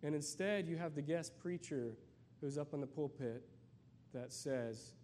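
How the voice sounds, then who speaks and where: A man giving a sermon as a guest preacher, conversational and searching, with many fillers and restarts, and reading scripture slowly. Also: on the high side, a little mellow, a little hiss or hum.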